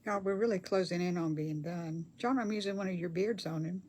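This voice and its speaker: A woman's voice: fairly low pitch, a little fast, a little mellow, a little hiss or hum. An older woman chats casually with viewers during a craft livestream, reading their comments aloud in a folksy way. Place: home craft table.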